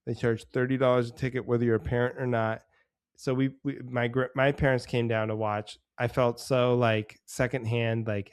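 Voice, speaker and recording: A man in his thirties, a podcast co-host, telling a long casual story and mimicking people in quick playful voices. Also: medium pitch, little pitch movement, clean tone.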